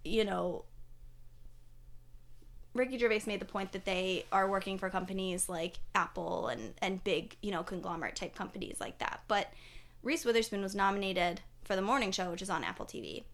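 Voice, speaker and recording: A young woman hosting a podcast with a partner, chatting casually about pop culture. Her voice sits at a medium pitch and she talks in a lively, rambling way, full of "like" and "um". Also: normal speed. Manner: chatty, animated, many fillers and laughs. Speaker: podcast co-host.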